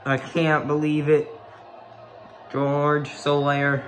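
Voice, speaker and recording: Young man, fan reaction, unhurried delivery, tripping over his words, repeats himself. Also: medium pitch, fairly even intonation, fairly bright tone. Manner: breathless, stammering, repeats "bro" and "oh my gosh". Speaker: sports fan. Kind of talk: excited live reaction.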